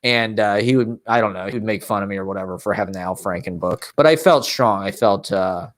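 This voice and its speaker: A man's voice: on the low side, a little fast. Podcast host, male, thirties, casual storytelling, profane and rambling, laughs a lot.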